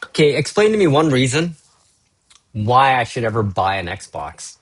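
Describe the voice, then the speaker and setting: A husky-voiced middle-aged man ranting on his own show. He rambles from gripe to gripe, cursing freely, and his pitch jumps around a lot as he talks. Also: very animated, moderate pace, a bit bright. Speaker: vlogger. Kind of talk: casual solo rant.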